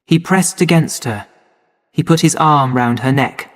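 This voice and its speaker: A man narrating a story for English learners in a slow, clear and measured way. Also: fairly high pitch. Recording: long hall reverb.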